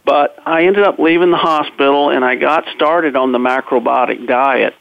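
Gravelly man telling his story over a tinny line. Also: medium pitch, moderate pace, no room sound. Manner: earnest and plain-spoken, with frequent fillers and restarts. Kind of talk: personal storytelling. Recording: dry, narrow phone-like sound.

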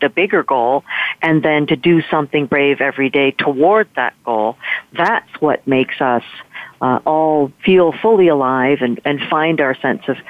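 A woman guest, a motivational speaker, telling a personal story in a lively way and acting out the voices of the people in it. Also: low voice, dry recording. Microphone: telephone. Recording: tinny phone line, dry.

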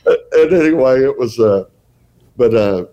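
Speaking at a medium pitch, this older man with a Texan accent sounds animated and unhurried, his tone dark. As a guest Santa performer in a casual interview, he spins folksy, rambling stories and chuckles along, caught on a low-quality recording.

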